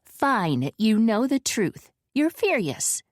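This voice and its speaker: A woman voicing a strident, brisk older woman leader who speaks curtly and matter-of-factly. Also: mid-range voice, lively intonation, a little mellow, dry recording, clean studio sound, voice pushed up, close to an everyday voice.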